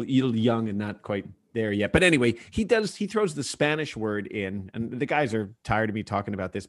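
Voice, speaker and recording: A man hosting a casual soccer podcast, airing an opinionated rant full of rhetorical questions. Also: on the low side. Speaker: podcast host.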